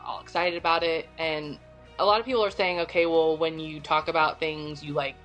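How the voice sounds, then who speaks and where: A middle-aged woman with a Midwestern American accent, a podcast guest telling a story in an animated, chatty way. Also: low voice, a little fast, faint music behind. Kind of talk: casual storytelling.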